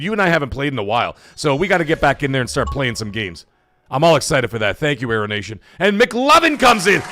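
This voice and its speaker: Man hosting a live gaming show, excitable and animated, faint music underneath. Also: sits high. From Canada. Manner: energetic, hyped, reads chat messages aloud. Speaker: livestream host. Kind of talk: casual livestream chat.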